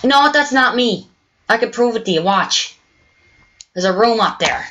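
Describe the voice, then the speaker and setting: Excitable bright-voiced woman gaming. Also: on the high side, unhurried, lo-fi sound, a little hiss or hum. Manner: excitable, exclaiming, swears often. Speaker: gameplay video host. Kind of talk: let's play gameplay commentary.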